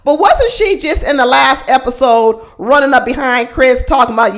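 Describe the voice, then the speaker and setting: A woman's voice: high-pitched, expressive, moderate pace, few pauses, a bit bright. A woman hosting a casual reality show recap, blunt and sassy, often repeating her points for emphasis.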